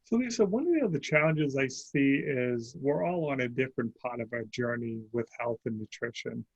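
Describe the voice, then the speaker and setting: A man's voice: mid-range voice, expressive, moderate pace, gravelly, husky, no echo, rough recording. A man hosting an interview, chatty and self-deprecating, acting out what friends say. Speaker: host. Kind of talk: casual interview chat.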